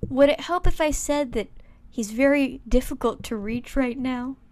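A woman's voice: high voice, moderate pace, darkish tone. A young woman co-hosting a comedy podcast, running a quote quiz in a dry, teasing game-show manner.

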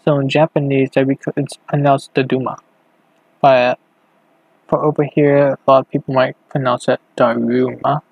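A man hosting a casual late-night solo podcast, rambling and halting as he thinks aloud while clicking around on his computer. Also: mid-range voice, level tone, no echo, highs cut off. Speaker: podcast host.

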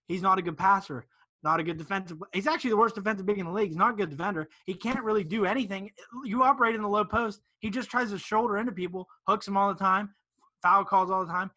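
A man's voice: high-pitched, bright, forceful tone. A man co-hosting a casual sports podcast, ranting emphatically. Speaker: podcast co-host.

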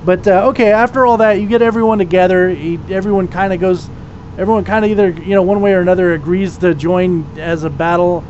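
High-voiced, rambling, swearing man. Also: steady tone, fast, a little mellow. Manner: rambling, profane, restarts often. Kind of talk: casual chat. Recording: dull lo-fi recording, faint noise.

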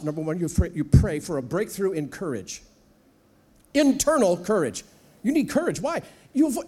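A man preaching a sermon as a guest speaker in a church, animated and humorous, acting out little voices as he goes. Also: high voice. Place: church sanctuary.

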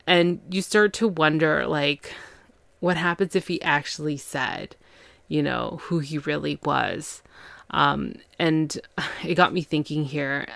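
Chatty low-voiced woman with a creaky edge. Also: no room sound. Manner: chatty, filler-heavy, slips into quick impressions of characters. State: tired after a long day. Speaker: podcast host recapping a TV series. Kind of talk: casual chat.

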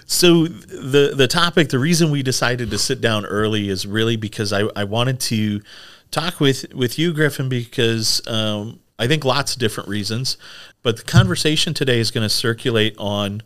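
A man's voice: mid-range voice, moderate pace, a bit bright. A man co-hosting a casual tech podcast, chatty and rambling with lots of fillers. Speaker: podcast co-host. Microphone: studio microphone.

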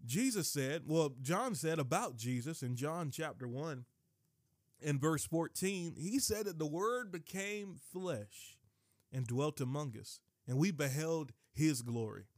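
Male podcast preacher, fairly high voice, animated and digressive, dry close recording. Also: measured pace, dry recording. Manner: animated, rises to high excited shouts, digresses, laughs. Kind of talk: sermon.

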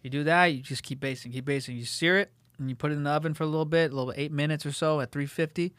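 A young man co-hosting a podcast, ranting in an animated way and swearing heavily in casual banter. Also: a little high, very fast, no echo. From Italian-American family. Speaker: podcast co-host.

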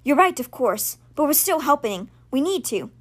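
A woman's voice: high voice, very animated, moderate pace. A woman reading the lines of an anxious young woman who insists on helping, from a storybook. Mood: insistent.

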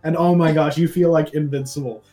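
A man's voice: on the high side, steady tone, brisk, warm tone. Give me a rambling young man in casual chat, with faint music behind him. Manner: rambling, heavy filler "like".

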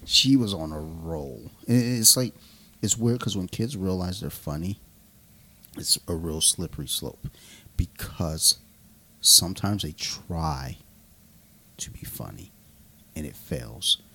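Profane, laughing man with a low voice. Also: lively intonation, takes it slowly, pauses often, bright, forceful tone, husky. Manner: loose, profane, laughing storyteller. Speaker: podcast co-host. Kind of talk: casual chat over beers.

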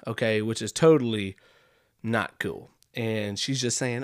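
A man's voice: medium pitch, a little slow. Rambling man telling a comedic story. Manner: rambling, animated, keeps saying "dude". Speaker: podcast host.

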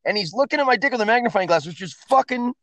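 A man, a podcast guest, telling crude, profane stories in a loud, animated way during a casual chat. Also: very high voice, very fast, no room sound.

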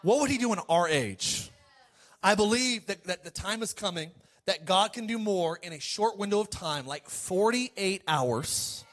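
A man preaching a sermon to a congregation, swinging between loud calls and quiet asides and asking for amens. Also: high-pitched, animated, a little slow.

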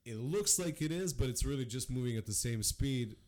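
A man's voice: medium pitch, lively intonation, fairly quick, a little mellow. A man co-hosting a casual podcast chat, rambling and swearing, laughing often.

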